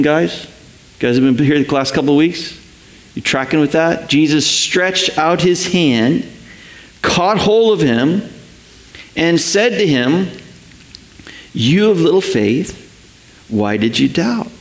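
A man preaching a sermon, animated, repeating words for emphasis and checking in with "right?". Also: fairly high pitch, slow pace, reverberant, rough recording. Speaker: pastor.

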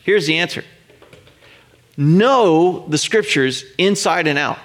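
A middle-aged man pastor preaching a sermon, earnest and emphatic, stretching out pauses to land his points. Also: on the high side, a bit bright.

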